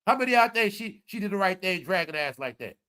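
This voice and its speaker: A man hosting a live commentary stream, talking straight to his viewers in an animated, preachy way. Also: high-pitched, quick pace, clear, resonant tone. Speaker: commentary livestream host.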